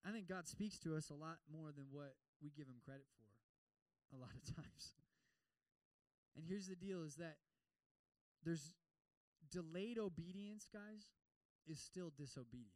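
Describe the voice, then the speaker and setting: A man's voice: on the high side, measured pace, long pauses, darkish tone, no echo, rough recording. A young man preaching a conversational sermon, acting out quoted voices of God and listeners. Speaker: campus ministry preacher.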